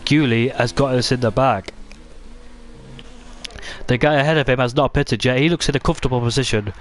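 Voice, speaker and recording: A man doing casual live commentary on a racing game league, chatty and excitable, often restarting his sentences. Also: medium pitch, brisk.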